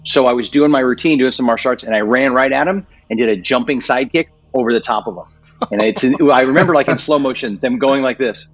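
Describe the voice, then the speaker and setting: An American man with a slightly husky voice telling his story in a casual interview, acting out the quotes in lively voices. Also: fairly quick, no echo, dull audio. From United States. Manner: animated, acts out quotes with jumps in pitch. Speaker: guest, martial artist and actor.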